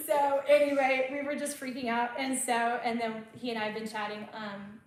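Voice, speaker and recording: High-voiced chatty woman, echoey room. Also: fairly even intonation, normal speed. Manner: chatty, laughing storyteller. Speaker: host. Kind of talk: casual chat. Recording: very echoey room, faint noise.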